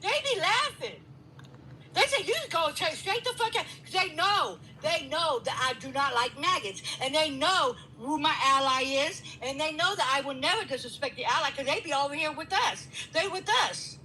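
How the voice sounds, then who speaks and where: High bright-voiced woman yelling and cussing, heated live stream argument, some faint noise. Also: expressive, moderate pace, low-quality recording. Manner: profane, confrontational, loud outbursts. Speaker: guest caller.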